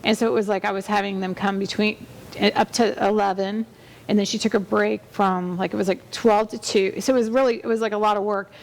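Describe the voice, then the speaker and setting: A woman's voice: mid-range voice, steady tone, a little fast, creaky. A woman realtor hosting a real estate show, telling stories in a chatty, rambling way with many fillers and restarts. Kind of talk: casual conversational storytelling.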